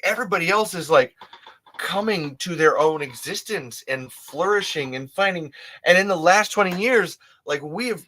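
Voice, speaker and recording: Pushed and bright, on the high side, this man's voice belongs to a livestream host in his thirties. He rambles emphatically through a casual stream, restarting often and swearing frequently.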